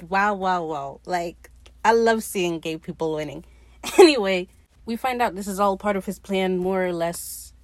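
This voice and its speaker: Woman, lowish voice, dry close sound; casual foul-mouthed recap host who gushes over the show. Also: no room sound. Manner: profane, gushing, quotes characters in her own voice. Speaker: podcast host.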